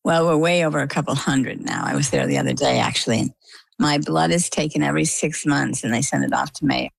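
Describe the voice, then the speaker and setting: A woman's voice: deep voice, brisk, creaky, slightly rough, dry recording, low-quality recording. A middle-aged woman from Maine, telling her own story as an interview guest and acting out what others said to her. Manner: lively storyteller, acts out quoted dialogue.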